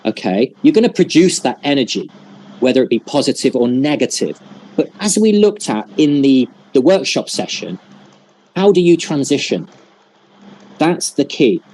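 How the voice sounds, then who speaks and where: A man with a fairly high voice runs a teacher-training session over a video call. He explains step by step and acts out short examples for his audience. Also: a little mellow. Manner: explanatory, demonstrative, uses examples. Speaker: workshop trainer.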